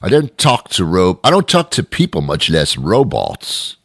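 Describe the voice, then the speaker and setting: A British man hosting a radio talk show, talking in an animated, mock-indignant, rambling way. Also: low-pitched, a little slow, no room sound, studio quality. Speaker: radio host. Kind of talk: comic talk radio monologue.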